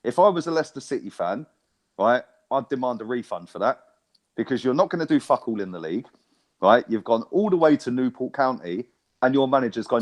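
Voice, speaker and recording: A man's voice: mid-range voice, lively intonation, brisk. A man from England, ranting about football in casual podcast chat. He swears a lot and keeps checking with "right?". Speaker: podcast co-host.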